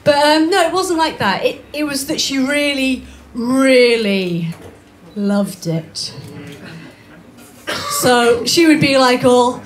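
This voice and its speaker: Young woman doing stand-up at an open mic in a bar, high voice, chatty, self-mocking. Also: slight background noise. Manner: chatty, self-mocking, with quick asides and restarts. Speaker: stand-up comedian. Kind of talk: live stand-up comedy. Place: small comedy bar stage.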